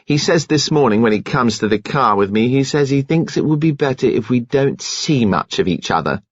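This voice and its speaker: A man's voice: medium pitch, expressive, moderate pace, no echo, muffled recording, voice pushed up, natural voice. A man reading an audiobook and voicing a bitter, brash young woman who spits out spiteful outbursts.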